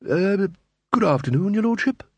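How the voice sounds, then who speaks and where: Mild dithering inventor, voiced by a man, hesitant, husky, dry. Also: sits high, expressive, normal speed, no echo, voice pushed up, heavily acted. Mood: apologetic. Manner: hesitant, stammering and polite.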